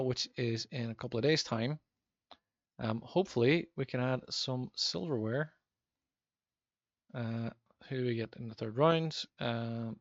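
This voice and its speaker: A man hosting a gaming channel, giving casual gameplay commentary, hesitant with many ums and restarts, livening up when he calls the match action. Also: medium pitch. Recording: slightly dull lo-fi mic, faint noise.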